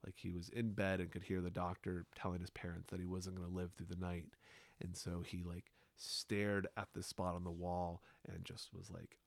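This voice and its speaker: A man hosting a podcast, speaking in a slow, reflective monologue with unhurried, hypnotic pauses. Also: deep voice, flat delivery, vocal fry, no room sound.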